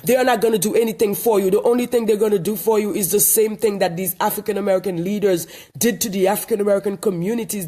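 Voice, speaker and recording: A man from Haiti holds forth in a backyard monologue. His voice sits high, and he hammers points home through repetition, like a street preacher. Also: fairly even intonation, fast talker, hardly any pauses, mellow. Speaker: online commentator. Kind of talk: outdoor monologue. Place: backyard outdoors.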